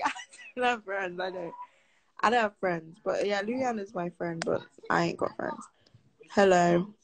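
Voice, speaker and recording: A woman's voice: medium pitch, rough recording. Teen girl on a live stream, chatty, reading out comments and answering them. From Britain. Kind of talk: casual live stream chat.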